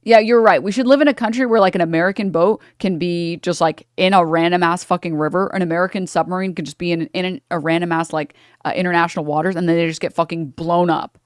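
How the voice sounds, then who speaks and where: A woman's voice: fairly low pitch, fairly even intonation, no echo, studio quality. A woman streamer giving heated, profane political commentary while reacting to a clip. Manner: heated, profane, rapid ranting.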